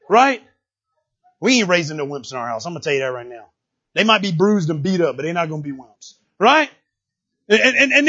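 Middle-aged male preacher, high husky voice, animated delivery with loud and quiet turns. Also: a little fast, pauses often. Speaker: pastor. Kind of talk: sermon. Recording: dull lo-fi recording.

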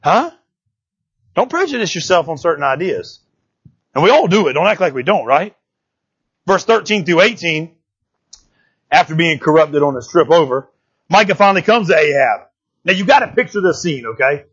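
A male pastor preaching a sermon in a church, animated and conversational, often checking in with "right?". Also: fairly high pitch, moderate pace, long pauses, slightly rough, dull audio.

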